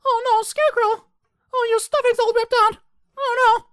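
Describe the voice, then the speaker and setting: Young farm girl, easily frightened, shrill wailing panic, played by a man in a high falsetto. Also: fairly even intonation, moderate pace, a bit bright, dry recording, studio quality. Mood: distraught. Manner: wailing, breathless panicky cries.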